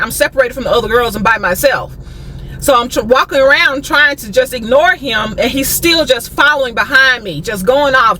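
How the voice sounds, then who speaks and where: A young American woman vlogger telling a story in a sassy, animated way, acting out what people said. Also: high-pitched. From United States. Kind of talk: storytime vlog.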